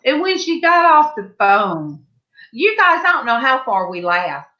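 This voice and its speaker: Animated, bright-voiced woman telling a story. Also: fairly high pitch, unhurried, muffled recording. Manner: animated, laughing while telling a funny family story. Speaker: host. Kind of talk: casual storytelling on a livestream panel.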